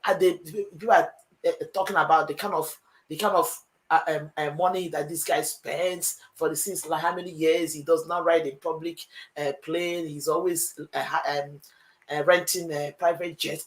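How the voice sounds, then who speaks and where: A woman, speaking as a panelist in an online discussion, earnest and halting with many fillers. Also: fairly low pitch, poor audio.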